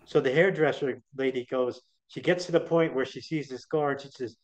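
A middle-aged man's mid-range voice, slightly mellow and a little fast, comes through a dull lo-fi recording as he tells his story on an interview. He's a guest, chatty and rambling, with many restarts.

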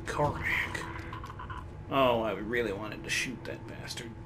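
A man's voice: lowish voice, fairly even intonation, normal speed. A man giving joking, sarcastic commentary while playing a game, swearing often, over a noisy background. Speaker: let's play gamer. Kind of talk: gameplay commentary.

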